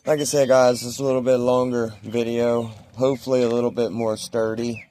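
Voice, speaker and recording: A man's voice: medium pitch, flat delivery, a little fast, dark tone. A man vlogging casually outdoors by the water, chatting to his viewers in a rambling, easygoing way while filming on his phone. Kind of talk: casual outdoor vlog talking to camera. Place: outdoors by a pond or lake. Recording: outdoor phone recording with background noise.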